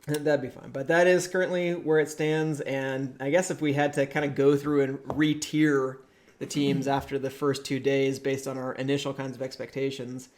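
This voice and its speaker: A man co-hosting a podcast from a rental house, calmly running through tournament standings with dry jokes. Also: mid-range voice. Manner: measured, analytical, with dry jokes. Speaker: podcast co-host. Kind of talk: casual tournament recap chat. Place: shared rental house, indoors.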